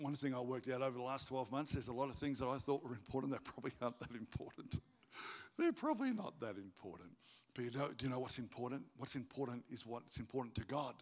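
A man preaching a sermon to his congregation, animated and jokey, acting out stories in high voices. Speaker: pastor. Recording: reverberant hall.

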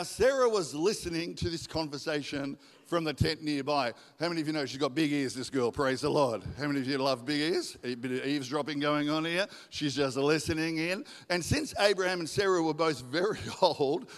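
Animated man preaching in an echoey church. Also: on the high side. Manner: animated, joking with the congregation. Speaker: guest preacher. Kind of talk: sermon. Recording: echoey hall with long reverb.

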